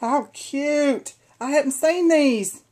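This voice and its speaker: A woman's voice: sits high, very slow, a little mellow, rough recording. A woman chatting through a casual unboxing vlog at home, gushing over craft supplies. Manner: gushing and chatty, addressing viewers as y'all. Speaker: crafter opening a swap box.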